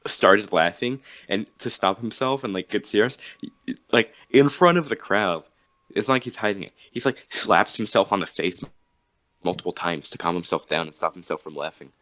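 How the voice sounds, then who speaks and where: A man's voice: lowish voice, animated, normal speed, fairly bright tone, dry recording. A young man hosting a podcast, casually retelling a story with lots of fillers and quoted bits. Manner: rambling, filler-heavy retelling with acted quotes. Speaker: podcast host.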